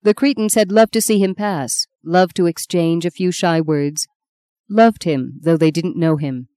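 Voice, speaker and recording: A woman narrating a novel in a measured, solemn storytelling manner. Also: lowish voice, dark tone, no room sound, clean studio sound. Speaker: audiobook narrator. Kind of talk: scripted literary narration.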